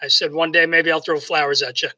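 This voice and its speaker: A man's voice: on the high side, little pitch movement, fast talker, sharp tone, poor audio. A man from New York with a New York accent, telling a rambling motivational story that keeps restarting and acts out both sides of remembered conversations. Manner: rambling, repeats words and restarts often. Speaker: motivational speaker. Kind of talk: casual storytelling monologue.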